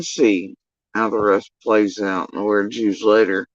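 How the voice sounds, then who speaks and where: A man's voice: lowish voice, level tone, unhurried, no echo, lo-fi sound. A man telling a long story in a casual commentary rant, profane, rambling and exasperated.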